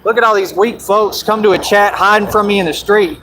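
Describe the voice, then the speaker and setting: A man's voice: sits high, steady tone, a little fast, few pauses, crowd noise, poor audio. A man from Texas on a phone livestream, ranting in a brash, confrontational and boastful way. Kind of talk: livestream rant.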